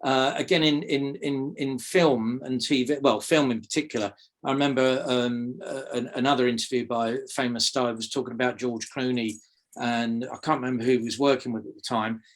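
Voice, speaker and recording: A man from South London with a softened English accent, speaking as an interview guest and teaching magic, often hesitating with fillers and repeated words. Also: medium pitch, fairly even intonation, brisk. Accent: English, softened toward RP. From South London, England. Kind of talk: conversational interview.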